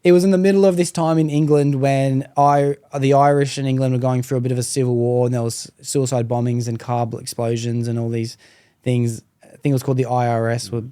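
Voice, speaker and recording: Mellow-voiced man telling a story. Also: mid-range voice, brisk, clean tone, dry recording, studio quality. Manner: profane, animated storyteller, slangy. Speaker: podcast host. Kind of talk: casual chat, storytelling.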